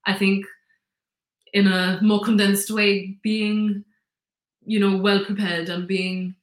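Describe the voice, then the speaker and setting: A woman's voice: mid-range voice, flat delivery, slow pace, echoey room. A woman, chatting as an interview guest in an upbeat, filler-heavy way. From Gibraltar. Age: 20s. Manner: chatty and upbeat, full of "like" and "you know". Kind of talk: casual interview chat.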